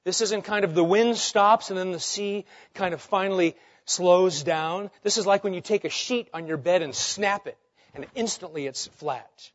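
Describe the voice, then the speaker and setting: A man preaching a sermon, asking rhetorical questions and swinging between loud and hushed delivery. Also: high-pitched, normal speed, muffled recording. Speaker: pastor.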